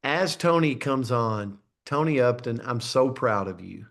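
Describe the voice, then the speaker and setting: A man's voice: medium pitch, expressive, measured pace, creaky, a bit bright. A man leading a company video call, effusively congratulating a team member and hyping up the audience. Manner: enthusiastic, effusive, hype-building. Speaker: network marketing company leader.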